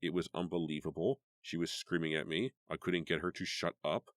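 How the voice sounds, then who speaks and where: A man reading an audiobook, voicing a calm, steady teenage girl who soothes her friend in a quiet voice. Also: deep voice, a little fast, dry recording, clean studio sound. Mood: recounting.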